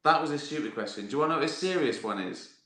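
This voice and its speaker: A man's voice: fairly high pitch, animated, racing, bright, forceful tone. A man hosting a live stream, answering viewer questions in a sweary, laughing, comic monologue. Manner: sweary, laughing, riffing on absurd ideas. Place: indoor room, live stream. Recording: roomy echo.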